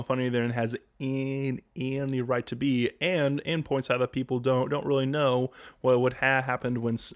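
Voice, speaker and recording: A man's voice: mid-range voice, no room sound. Stammering male podcast host, dry sound. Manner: stammering, repeats words a lot. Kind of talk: casual chat.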